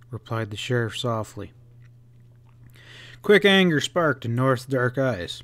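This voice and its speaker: Male audiobook narrator, smooth resonant voice, measured, Western storytelling. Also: medium pitch, a bit bright, dry recording. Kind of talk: scripted narration of a Western novel.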